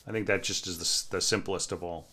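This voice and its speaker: A man's voice: low-pitched, fairly even intonation, fast, pushed and bright. A man critiquing orchestration scores in a casual, thinking-aloud way, with many fillers, often humming the parts he is reading. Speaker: orchestration teacher reviewing scores.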